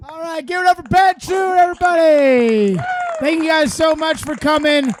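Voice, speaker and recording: A man's voice: moderate pace, a little hiss or hum. A man hosting an outdoor park comedy show, wrapping up with upbeat thanks and announcements. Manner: upbeat, thankful pitch to the crowd. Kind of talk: closing announcements.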